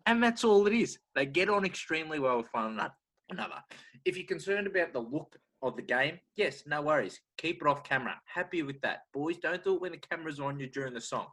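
A man's voice: fairly high pitch, expressive, fast talker, fairly bright tone. A young Australian man on a comedy podcast, ranting crudely with sarcastic mock outrage. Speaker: podcast co-host. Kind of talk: comedic rant.

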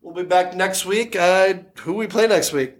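A man's voice: sits high, moderate pace. A man hosting a casual sports podcast, joking crudely and laughing often. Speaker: podcast host.

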